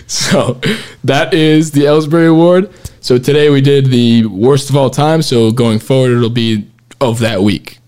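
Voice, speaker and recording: A man's voice: mid-range voice, unhurried, darkish tone. A man hosting a casual podcast chat, rambling and restarting his sentences, laughing often as he runs the segments. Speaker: podcast host.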